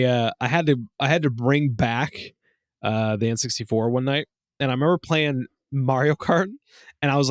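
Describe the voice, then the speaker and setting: A man in his thirties co-hosting a casual podcast, telling animated stories with lots of swearing. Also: dry recording, studio quality. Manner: animated storyteller, swears, acts out quotes in high voices. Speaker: podcast co-host. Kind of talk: casual chat.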